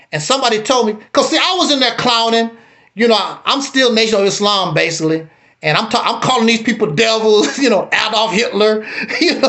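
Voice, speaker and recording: His voice is high as he shares a personal story on a live stream, animated and prone to repetition. Afterward he confronts the other speaker with a blunt challenge.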